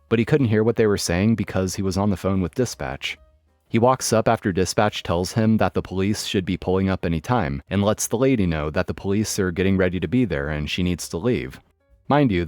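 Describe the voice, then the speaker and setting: Low-voiced male story narrator. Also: a little mellow, dry recording. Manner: wry, matter-of-fact storytelling. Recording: dry studio voice with faint music. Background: faint background music.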